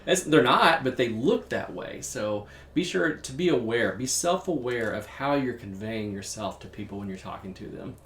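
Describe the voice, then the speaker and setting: A man's voice: medium pitch, animated, moderate pace, few pauses, fairly bright tone. A man with a Southern US accent, a pastor co-hosting a faith talk show, chatting in a friendly, joking way. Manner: friendly, joking, gives updates. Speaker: pastor and co-host. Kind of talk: casual podcast chat. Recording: roomy echo.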